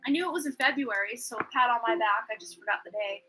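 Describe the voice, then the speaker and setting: A woman's voice: on the high side, fast talker, heavy background noise. A woman giving a live-streamed tarot reading, chatty and rambling, often unsure and laughing at herself. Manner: self-deprecating, laughs at herself. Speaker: tarot reader.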